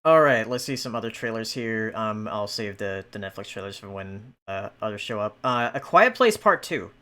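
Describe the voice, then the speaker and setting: A man's voice: lowish voice, lively intonation, normal speed, bright, forceful tone. Hesitant man hosting a podcast. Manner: hesitant, many ums and restarts. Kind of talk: casual podcast chat.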